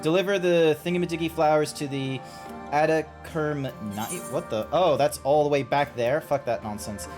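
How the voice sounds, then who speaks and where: A man's voice: on the high side, moderate pace, over music. A young Australian man chatting casually while streaming a game, rambling with restarts and frequent swearing.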